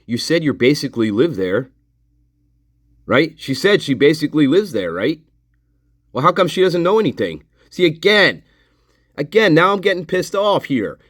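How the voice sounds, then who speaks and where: A man's voice: fairly high pitch, big pitch swings, moderate pace, pauses often, a bit bright, dry recording. Give me a sarcastic man angrily ranting over a clip, close and dry. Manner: mocking, profane, sarcastic. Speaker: commentator reacting to interview footage. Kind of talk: angry ranting commentary.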